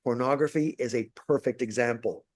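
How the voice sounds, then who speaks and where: A man with a mid-pitched voice talks as a podcast guest and university lecturer. He tells his stories in an animated way and acts out the voices of the people in them. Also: fairly quick. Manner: animated storyteller, acts out quotes. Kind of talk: casual interview.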